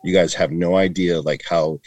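A middle-aged man speaks low in his register, earnestly and loosely, circling back and restarting his sentences. He is a retired border patrol agent in a casual interview. The sound is dry and close, with no room echo. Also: fairly even intonation, moderate pace, a little mellow. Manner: earnest, rambling with many restarts and fillers.

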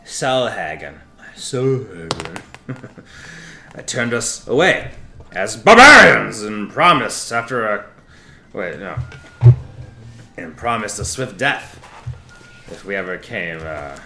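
A man running a tabletop game, narrating a character's backstory in an unhurried, drawn-out way. His voice is bright and clear. The room has a noticeable echo, with faint music behind him. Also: on the low side, big pitch swings. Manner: slow, drawn-out storytelling with laughs and restarts. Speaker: game master.

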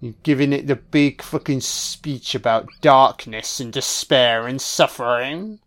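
A man's voice: medium pitch, a little slow, fairly bright tone. Sweary man riffing on a film. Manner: sweary, wisecracking, talks back at the screen. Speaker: film commentator. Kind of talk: casual first-watch film commentary. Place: home recording, voice only.

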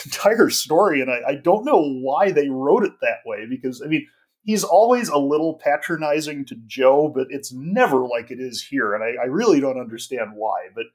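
A man co-hosting a podcast, talking in a casual, animated and opinionated way, full of restarts and "like". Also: fairly high pitch. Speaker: podcast co-host.

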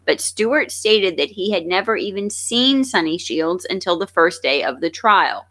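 A woman co-hosting a podcast, reading scripted true-crime narration in a steady, measured way. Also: lowish voice. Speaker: podcast co-host.

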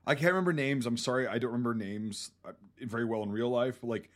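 A man hosting a casual podcast discussion, blunt and animated, swearing freely as he talks through a film. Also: medium pitch, fast talker. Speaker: podcast host.

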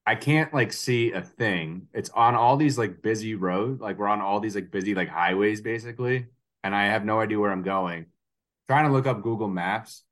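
A man in his thirties with a lowish voice chats loosely, restarting his sentences and laughing easily. He drifts through his story in a relaxed, unhurried way. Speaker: podcast co-host. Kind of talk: casual chat.

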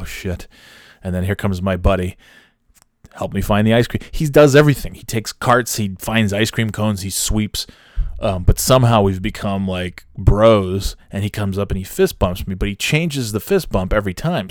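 A man's voice: lowish voice, no echo, clean studio sound. Wry, rambling man telling a story. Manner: wry, self-deprecating, many fillers and restarts; animated when quoting people. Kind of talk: casual storytelling monologue.

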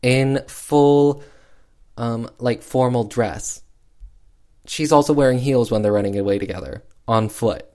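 A man's voice: medium pitch, unhurried, darkish tone. A man casually recapping an old film with sassy, chatty commentary. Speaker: film reviewer.

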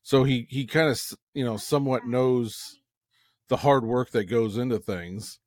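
A man's voice: mid-range voice, darkish tone, dry recording, studio quality. Hesitant man chatting on a podcast. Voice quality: halting, restarts often, laughs along. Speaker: podcast co-host. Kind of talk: casual chat.

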